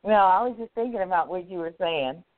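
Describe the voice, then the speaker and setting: Low-voiced woman on a tinny line. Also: animated, fairly quick, no echo. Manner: reflective, affirming. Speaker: panelist. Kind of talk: church women's panel discussion. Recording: tinny phone-line audio.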